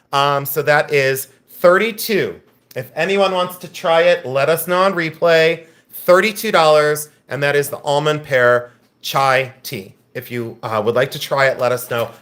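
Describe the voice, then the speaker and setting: A U.S. live auction host chats casually on stream, teasing viewers and rambling as he moves between lots. He speaks at normal speed in a slightly high, fairly bright voice.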